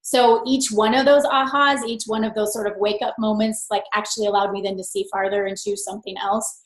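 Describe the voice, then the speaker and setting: A woman guest in an interview, telling stories in a lively, expressive way and laughing often. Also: medium pitch, a little fast, roomy sound, low-quality recording. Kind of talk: conversational interview.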